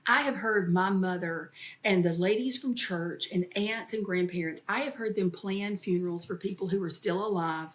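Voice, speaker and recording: A woman's voice: medium pitch, moderate pace, hardly any pauses. A woman comedian and author, telling stories in an interview and slipping into voices when she quotes family. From American South. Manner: storytelling, animated when quoting family. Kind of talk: interview conversation.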